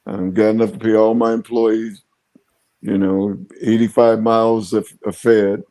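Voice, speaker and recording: A man in his seventies with a low, mellow, darker voice tells stories in a relaxed, folksy way. He speaks plainly and colloquially, like a veteran car dealer passing on what he has learned. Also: normal speed. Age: 70s. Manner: folksy, colloquial storyteller, gives advice. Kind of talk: casual podcast talk.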